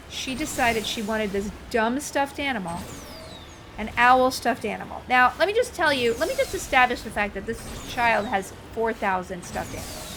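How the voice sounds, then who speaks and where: A woman's voice: on the high side, background noise. A woman chatting casually while she streams a video game, telling stories and reacting to the play. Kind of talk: casual chat while gaming.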